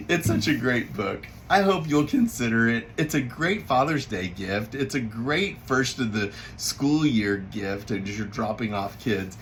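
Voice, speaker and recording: Man, picture book author, casual storytelling, animated, laughs often, mid pitch. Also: slow pace, a little hiss or hum.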